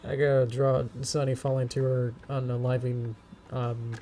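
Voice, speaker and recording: A man's voice: mid-range voice, flat delivery, normal speed, slight background noise. Rambling man chatting while animating. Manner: rambling, hesitant, many fillers and soft humming. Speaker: streamer animating live. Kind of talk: casual live-stream chat.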